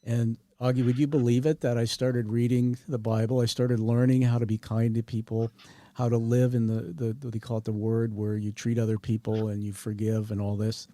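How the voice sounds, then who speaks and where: An earnest man hosting a heartfelt interview, talking openly and reflectively. His voice is mellow and warm, and the recording is dry and close. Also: mid-range voice, little pitch movement, moderate pace, dry recording. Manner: earnest, sharing a personal story. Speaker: podcast host. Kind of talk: emotional interview conversation.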